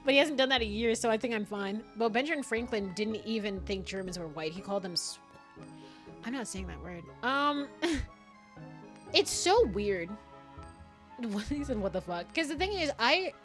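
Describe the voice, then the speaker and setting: A woman's voice: a little high, expressive, moderate pace, pauses often, fairly bright tone, faint music behind. A woman in her twenties streaming a game, rambling and giggling through casual commentary with frequent swearing.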